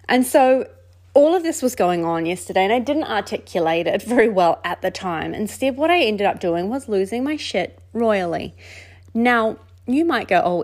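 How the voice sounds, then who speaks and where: A middle-aged woman from New Zealand hosting a casual solo podcast, talking candidly and conversationally with repeated phrases and self-mocking laughs. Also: mid-range voice. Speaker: podcast host.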